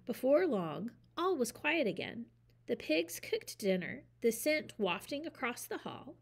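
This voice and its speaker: Female storyteller, expressive read-aloud of a picture book; slightly high voice, animated. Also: a little slow, vocal fry. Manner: lively, expressive reading.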